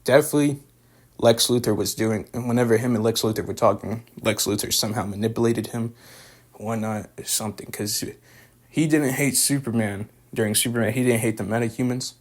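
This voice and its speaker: A man's voice: medium pitch, steady tone, brisk. A young man recapping and reviewing a show in a loose, rambling way, full of fillers and slang. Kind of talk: casual spoken recap and review.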